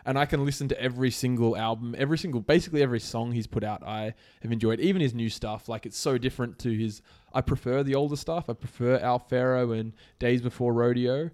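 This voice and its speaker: Talking fast with hardly any pauses, this medium-pitched man co-hosts a podcast. His casual chat is relaxed and rambling, heavy on filler words.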